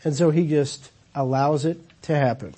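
A man preaches in a relaxed, storytelling way, asking the congregation rhetorical questions as he goes. His voice sits high for a man, with a mellow, husky grain. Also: moderate pace. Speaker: pastor. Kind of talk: sermon. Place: church.

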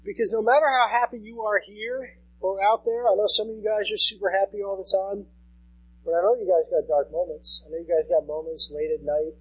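A man's voice: high-pitched, steady tone, a little fast, poor audio. A man in his thirties preaching a sermon as pastor, conversational and repeating key phrases for emphasis. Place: church sanctuary.

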